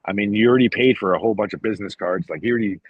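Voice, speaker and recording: Husky low-voiced man telling a rambling story. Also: rapid-fire, no room sound, muffled recording. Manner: profane, rambling, quotes others in dialogue. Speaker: podcast guest. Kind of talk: casual storytelling chat.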